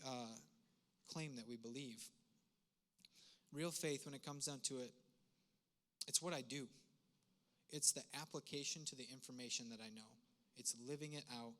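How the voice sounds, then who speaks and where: A man in his thirties gives a sermon in a church in a relaxed, conversational style. His voice sits a little high and sounds bright and forward. He stays earnest and often breaks off to add an aside. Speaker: pastor. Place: church sanctuary.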